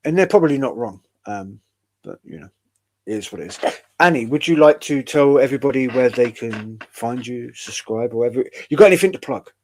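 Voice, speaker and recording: His voice is medium-pitched, expressive and fairly quick, with a darkish tone. This UK podcast host keeps the chat casual, wandering off on tangents with dry humor and plenty of swearing.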